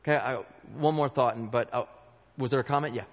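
A man's voice: mid-range voice, fairly quick. Earnest man teaching in a reverberant hall. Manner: earnest, conversational, direct address to the group. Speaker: Bible study teacher. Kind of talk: church teaching talk. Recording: dull sound with long hall reverb.

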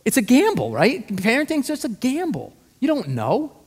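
A male pastor preaching a sermon, animated and conversational, full of rhetorical questions. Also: very high voice, moderate pace, husky. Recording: long hall reverb.

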